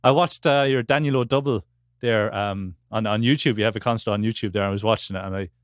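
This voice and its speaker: Man, podcast co-host, rapid talker, enthusiastic, long questions, dry close recording. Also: fairly low pitch, no room sound. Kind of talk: casual interview chat.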